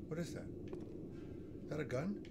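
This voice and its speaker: A man giving nervous, excitable running commentary while playing a horror game, gasping and talking himself through it. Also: a little high, moderate pace. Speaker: gaming streamer. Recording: noticeable background noise.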